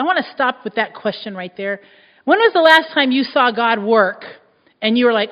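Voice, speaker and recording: A woman pastor preaching a sermon, emphatic and repeating key phrases, her voice rising loud and dropping soft. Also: fairly high pitch, animated, moderate pace. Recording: echoey hall, dull muffled sound.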